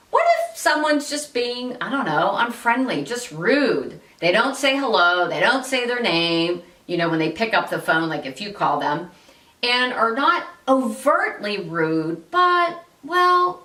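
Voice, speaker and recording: A woman's voice: medium pitch, sharp tone, recorded from a distance. A woman hosting an instructional talk, coaching listeners directly and giving them example phrases to say. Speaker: host and workplace-civility coach. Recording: echoey room, voice a bit off-mic.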